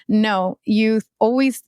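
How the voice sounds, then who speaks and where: A woman in her thirties speaks as a guest on an interview podcast. Her voice is smooth and clear, recorded close and dry. She talks haltingly and often searches for words. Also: a little high, darkish tone, dry recording. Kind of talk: emotional interview storytelling.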